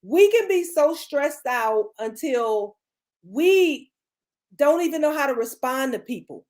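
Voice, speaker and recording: A woman's voice: high voice, animated, takes it slowly, a little mellow. A middle-aged woman, giving a motivational talk as a podcast co-host, emphatic and preachy, repeating phrases for effect.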